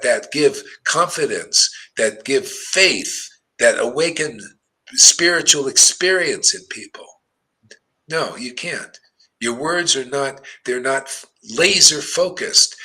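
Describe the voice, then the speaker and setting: A man's voice: fairly high pitch, pushed and bright, poor audio. A man giving an emphatic, blunt devotional sermon as a spiritual teacher.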